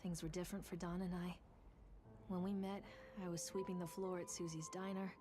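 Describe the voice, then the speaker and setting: A woman's voice: lowish voice, little pitch movement, a little fast, background noise, close to an everyday voice. A woman voicing a grieving young mother. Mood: wistful. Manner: soft, reflective game narration. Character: grieving young mother searching for her lost son. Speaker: game character narrator. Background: game music.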